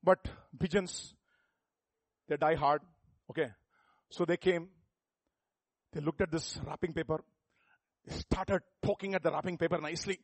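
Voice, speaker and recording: A middle-aged pastor, preaching a sermon full of rhetorical questions that builds to emphatic peaks. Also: male voice, fairly high pitch, steady tone, normal speed, long pauses, no room sound.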